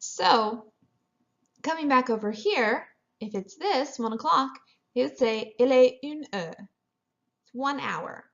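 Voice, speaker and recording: A woman's voice: high-pitched, animated, unhurried, creaky, a bit bright, muffled recording. A woman teaching a French class, explaining step by step and mixing French phrases into her English. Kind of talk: classroom lecture over slides.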